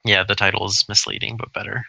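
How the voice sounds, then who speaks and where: A man co-hosting a podcast, chatting casually with rambling, animated storytelling. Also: lowish voice, fast talker, vocal fry, dry recording, low-quality recording. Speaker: podcast co-host. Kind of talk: casual chat.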